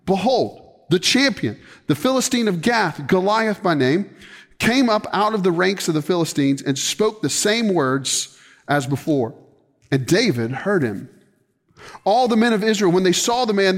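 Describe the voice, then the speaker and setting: A man preaching a sermon, retelling a scripture story with lively acted-out quotes and casual slang asides. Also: high-pitched, long reverb tail. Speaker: pastor.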